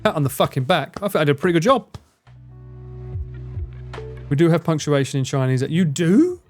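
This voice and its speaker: A man's voice: fairly high pitch, animated, normal speed, faint music behind. A man in casual live-stream chat, rambling, swearing freely and laughing often as he answers his chat. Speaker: livestreamer.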